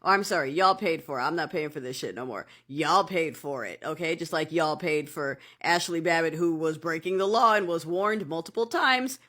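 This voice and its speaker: A woman's voice: low-pitched, normal speed, few pauses, fairly bright tone. A woman giving casual vlog commentary in a sassy, sarcastic way, calling the viewer darling.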